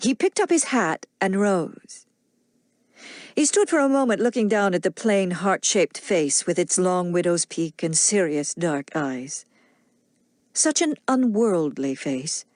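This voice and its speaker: In a lowish voice, a woman narrates an audiobook with steady, measured storytelling. The studio-quality audio has no echo.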